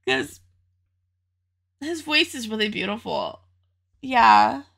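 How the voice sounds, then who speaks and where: A young woman talking through her reactions to songs in a chatty, heartfelt way. Her voice sits a little high and carries a gravelly, fry-laced edge. She laughs easily and lets her feelings show. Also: lively intonation, normal speed, fairly bright tone. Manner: chatty, emotional, laughs often. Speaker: reaction video host. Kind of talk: casual reaction commentary.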